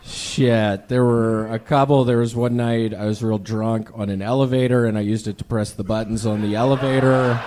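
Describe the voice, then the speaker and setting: A man doing deadpan, absurd stand-up on a comedy club stage, then bantering on a handheld mic. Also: fairly low pitch, normal speed, hardly any pauses, a little hiss or hum. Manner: deadpan, absurd one-liners.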